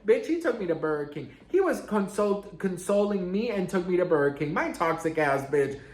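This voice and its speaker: A man's voice: sing-song, normal speed, darkish tone. Sassy man telling a storytime, echoey room. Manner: sassy, dramatic, swearing, big swings in pitch. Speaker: storytime vlogger. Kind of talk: casual storytime monologue.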